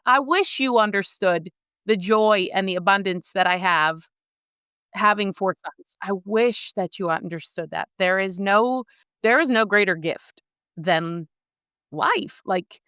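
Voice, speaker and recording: A woman guest on a podcast, telling a personal story in an earnest and expressive way. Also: mid-range voice, a little slow, clear, resonant tone, no room sound, studio quality.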